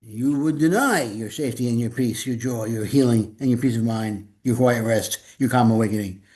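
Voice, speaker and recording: A man's voice: mid-range voice, moderate pace, darkish tone, breathy edge. A man leading a spiritual gathering and giving an informal, rambling sermon, often repeating words and slipping in jokes.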